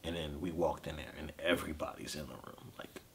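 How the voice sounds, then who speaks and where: A grieving man in his thirties with a very low, deep voice, recounting a family loss. He talks in halting, emotional bursts, restarting sentences and leaning on fillers. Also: little pitch movement, fairly bright tone. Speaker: podcast host. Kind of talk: personal storytelling.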